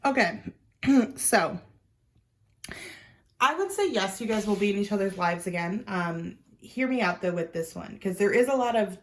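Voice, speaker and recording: A woman reading tarot cards to a general audience in a casual, rambling style. Her voice sits at a middle pitch, and she circles back on her thoughts and fills the gaps with "like" and "um". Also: animated, normal speed, slight background noise, low-quality recording. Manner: rambling, with many fillers. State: hiccups. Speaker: tarot reader.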